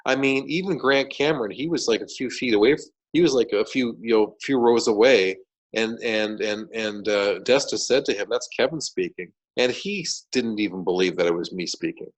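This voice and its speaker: A man with a lowish voice recounts his experience as a guest in an interview. He talks animatedly, doubling back on words and restarting sentences as he goes. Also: normal speed, rough recording. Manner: animated, repeats words and restarts sentences while retelling events. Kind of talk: casual storytelling interview.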